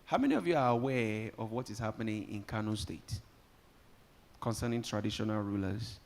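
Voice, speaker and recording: Hosting a live summit in a conference hall, this Nigerian event host keeps things lively, trading jokes with guests and firing up the crowd. He speaks briskly in a lowish voice with vocal fry.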